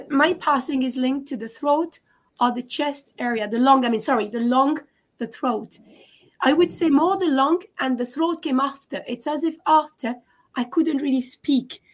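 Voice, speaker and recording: Woman, psychic medium, high voice, halting, questioning. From France. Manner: halting, restarts often, checks in with questions. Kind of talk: live mediumship reading.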